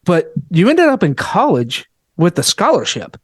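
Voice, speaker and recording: A man's voice: high voice, huge pitch swings, moderate pace, slightly rough, no room sound, studio quality. A man hosting a podcast, asking questions in a laid-back, casual way and calling his guest dude and man. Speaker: podcast host. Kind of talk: casual interview chat.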